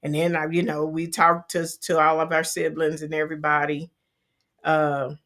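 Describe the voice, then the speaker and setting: A woman's voice: low voice, monotone, normal speed, fairly bright tone. Middle-aged woman on a podcast, retelling a story earnestly, lots of restarts, plain voice. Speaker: podcast co-host. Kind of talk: casual conversation.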